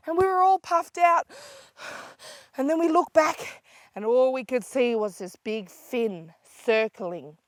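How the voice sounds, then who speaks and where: Lively older woman telling a story. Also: high-pitched, slightly rough. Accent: Aboriginal Australian English, South Australia. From South Australia. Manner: lively, swings between hushed and excited calls. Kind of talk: oral storytelling for children.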